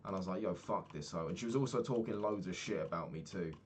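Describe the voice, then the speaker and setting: A young man with a fairly low voice tells a story from his own life, loose and unfiltered, swearing often. He slips into quick impressions of the people he quotes. A faint hiss sits under the recording. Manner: candid, swears freely, acts out quoted people. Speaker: podcast host. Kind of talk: casual storytelling monologue.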